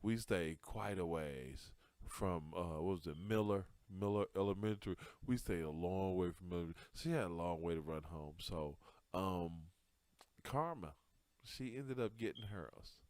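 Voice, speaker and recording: A man telling a comic story from his childhood, animated and profane, laughing through it and swinging between loud bursts and hushed asides. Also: low voice, measured pace, clear, resonant tone, no echo. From Detroit area. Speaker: comedian podcast host.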